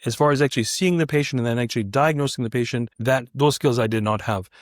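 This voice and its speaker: A middle-aged man, a physician guest in an interview, telling stories in a casual, animated way with many restarts. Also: medium pitch, fast, dry recording, clean studio sound. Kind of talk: casual anecdotal storytelling.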